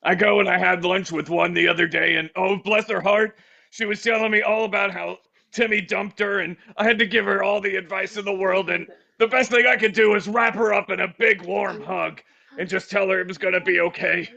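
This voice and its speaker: A man voicing a gruff teen anime hero who talks sweetly, gushing and sentimental. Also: sits high, fairly even intonation, a little fast, bright, forceful tone, muffled recording, heavily acted. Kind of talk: improv comedy voice.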